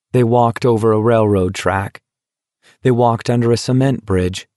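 A man narrating an audiobook with a steady, measured reading. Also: mid-range voice, no echo, clean studio sound. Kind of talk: scripted narration.

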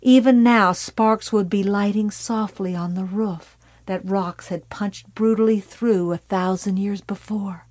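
A woman narrating an audiobook in a measured, dark storytelling manner that drops to a hush. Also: medium pitch, fairly even intonation, no echo.

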